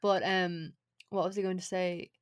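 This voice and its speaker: A young woman co-hosting a casual chat, relaxed and agreeable with lots of filler words. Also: lowish voice, moderate pace, clean tone. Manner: relaxed, agreeable, loose filler-heavy speech.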